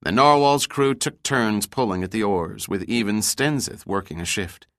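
A man giving measured, scripted audiobook narration of an adventure novel. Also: lowish voice, no echo, studio quality. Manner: even, measured storytelling.

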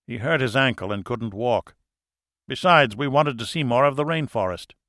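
A man voicing a steady, wry male researcher who speaks in an even, matter-of-fact way. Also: mid-range voice, normal speed, dry recording, studio quality, close to an everyday voice.

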